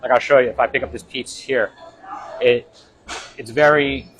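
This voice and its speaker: A man's voice: medium pitch, steady tone, moderate pace, fairly bright tone, a little hiss or hum, low-quality recording. A restaurant owner from Italy giving a casual interview, explaining his food with lots of fillers and restarts. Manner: explanatory, hesitant with many fillers.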